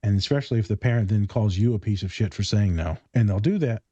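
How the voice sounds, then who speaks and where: Male podcast host, blunt and profane storyteller, mellow dark voice, slightly lo-fi dry sound. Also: lowish voice, fast talker, dry recording. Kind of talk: casual podcast chat. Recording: slightly dull lo-fi recording.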